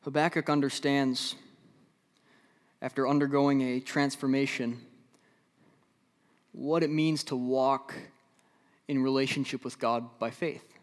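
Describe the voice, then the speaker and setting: A man preaching a sermon as a pastor, from the American Midwest, swinging between loud emphatic stretches and low, slow, quiet passages. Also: little pitch movement. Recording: long hall reverb.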